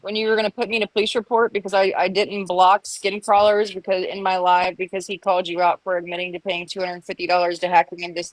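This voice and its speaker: A woman's voice: fairly low pitch, flat delivery, quick pace, hardly any pauses, dry recording, low-quality recording. Woman recounting drama on a livestream. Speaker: live stream participant. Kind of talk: casual chat.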